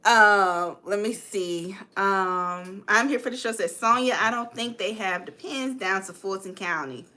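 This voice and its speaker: A woman's voice: medium pitch, unhurried, bright, forceful tone. A woman, co-hosting a casual chat show and reading viewer comments aloud, repeating lines for emphasis. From Atlanta, Georgia, US. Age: 50s. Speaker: co-host, mother.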